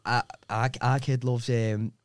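A man's voice: mid-range voice, little pitch movement, takes it slowly, over a noisy crowd. A man with a Liverpool accent chatting on a podcast, rambling through stories about his brother with lots of local slang. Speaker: podcast co-host. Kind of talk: casual chat.

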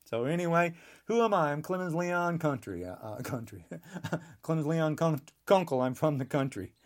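Older man, sixties, fired-up rambling rant, slightly high voice, lots of pitch swings. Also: animated, normal speed. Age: 60s. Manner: rambling, heated, emphatic with restarts. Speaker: podcast guest. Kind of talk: impassioned podcast monologue.

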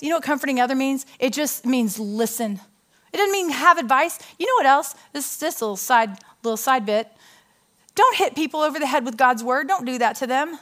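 A woman in her thirties preaches from a stage in a chatty, animated way, weaving personal stories into her message. Her voice sits a little high, and she keeps turning to the audience with questions. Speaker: women's ministry speaker. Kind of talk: conversational sermon with storytelling.

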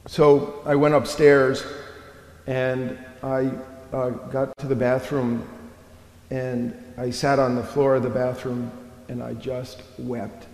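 Male pastor, unhurried sermon delivery, reverberant church hall. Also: medium pitch, little pitch movement, a little mellow. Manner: slow, reflective storytelling with long pauses.

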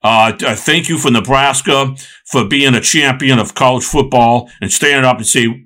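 A man's voice: mid-range voice, expressive, normal speed, fairly bright tone. A man co-hosting a casual sports podcast, rambling with lots of fillers and restarts. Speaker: podcast co-host.

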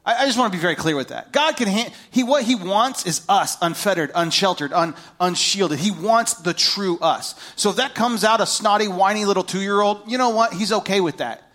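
A man preaching a sermon, animated and playful as he talks to the congregation. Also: high voice, fairly quick, hardly any pauses. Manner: animated, jumps into playful voices.

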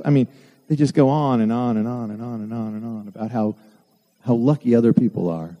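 Dark-voiced preacher in an echoing hall. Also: male voice, medium pitch, fairly quick. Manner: earnest preaching with self-deprecating asides. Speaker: pastor. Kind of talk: sermon. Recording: long hall reverb.

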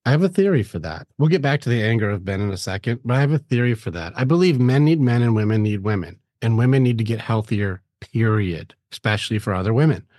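A man's voice: medium pitch, lively intonation, quick pace, few pauses, a little mellow, dry recording, studio quality. A man hosting a podcast, talking emphatically in casual conversation and acting out quotes in mock voices. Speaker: podcast host.

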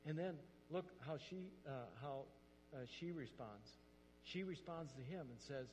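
A man preaching a sermon as pastor, animated and quick, often putting questions straight to his listeners. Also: fairly high pitch. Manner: animated, quick, asks the audience direct questions. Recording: long reverb with audible hum.

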